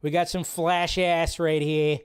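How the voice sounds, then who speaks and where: A man hosting a live stream, reacting to a movie trailer in an excitable, rambling way and swearing freely. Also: a little high, measured pace, smooth. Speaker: host. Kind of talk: casual live-stream commentary.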